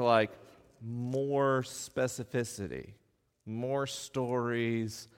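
Middle-aged man, live stage talk, wry, self-deprecating, mid-range voice, long hall reverb. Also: mid-range voice. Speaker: podcast host speaking live on stage.

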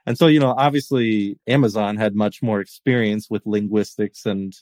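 A man's voice: on the low side, steady tone, normal speed, a little mellow, dry recording. A man hosting a podcast, talking casually in a rambling way with many restarts. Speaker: podcast host. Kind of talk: casual chat.

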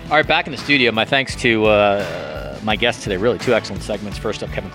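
A man's voice: lowish voice, expressive, quick pace, over music. A man hosting a podcast in casual chat, joking and self-deprecating with frequent restarts. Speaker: podcast host.

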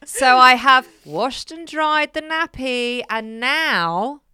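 A middle-aged woman co-hosting a podcast, chatting casually and telling animated stories. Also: sits high, takes it slowly, smooth, no room sound, studio quality. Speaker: podcast co-host. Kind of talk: casual chat.

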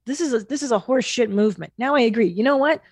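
A woman's voice: fairly high pitch, expressive, quick pace, darkish tone, no room sound, studio quality. Blunt, profane woman podcast host. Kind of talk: casual podcast chat.

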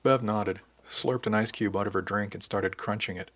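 Low-voiced man reading a novel aloud. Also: fairly even intonation, normal speed, a bit bright. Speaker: audiobook narrator. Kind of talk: first-person novel reading.

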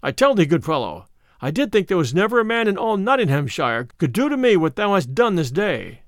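A man voicing a burly, beaten male outlaw in a storybook reading, loud and blustering. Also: sits high, sing-song, brisk, no room sound, studio quality. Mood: grumbling.

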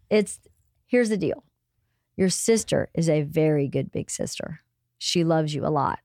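A middle-aged woman hosting a casual family chat, giving calm, gently lecturing advice. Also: low-pitched, takes it slowly, long pauses, no echo, clean studio sound. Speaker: podcast host and mother.

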